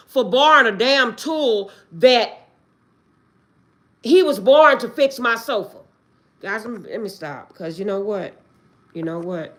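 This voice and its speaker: A woman ranting on a livestream, close to tears and swinging between outbursts and quiet prayers. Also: sits high, sing-song, unhurried. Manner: agitated, swings between shouting and tearful prayer. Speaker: livestream host. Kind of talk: emotional livestream rant.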